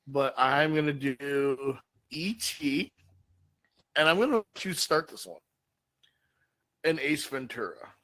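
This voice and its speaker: A man in a casual comedy talk show, spinning a made-up story with plenty of swearing and lively energy. He talks at a middle pitch and in a relaxed way. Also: takes it slowly, pauses often, rough recording. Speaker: podcast co-host.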